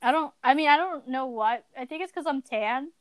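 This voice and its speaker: Brief: talkative teen girl, high smooth voice, dry close sound. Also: normal speed, dry recording. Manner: chatty, talks a lot, many fillers. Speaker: podcast co-host. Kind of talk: casual chat.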